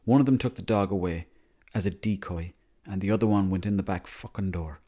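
A terse, devastated Irish father , put on by his son, delivers the news in clipped, blunt phrases. The voice sits fairly low and sounds mellow. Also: brisk.

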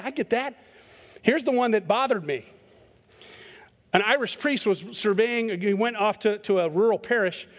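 A middle-aged male pastor giving a conversational sermon, telling stories and acting out their voices with a self-deprecating manner. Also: sits high. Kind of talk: sermon with storytelling. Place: church sanctuary. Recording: long hall reverb.

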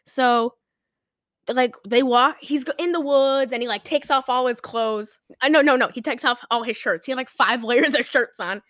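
A woman's voice: high-pitched, normal speed, dry recording, clean studio sound. A woman in casual chat, animatedly retelling a movie plot and slipping into the characters' lines. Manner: chatty, animated retelling with quoted character voices.

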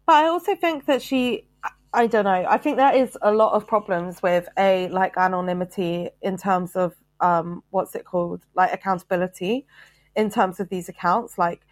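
Woman cohost arguing back, dry close mic, mid pitch, keeps pushing. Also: fairly even intonation, normal speed, no echo. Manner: argumentative, pressing her point. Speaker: podcast co-host. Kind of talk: casual chat.

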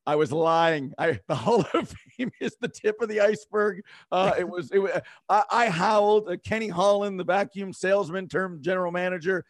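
A man's voice: high voice, moderate pace, few pauses, no room sound, studio quality. A man co-hosting a podcast, chatting casually and enthusiastically in a rambling way, often laughing. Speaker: podcast co-host. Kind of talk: casual sports chat.

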